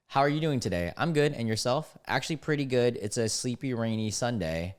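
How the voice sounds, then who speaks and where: A man, reading chat screenshots aloud and mocking them in casual reaction commentary, often breaking into loud disbelief. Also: fairly low pitch. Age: 20s. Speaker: content creator reacting to screenshots.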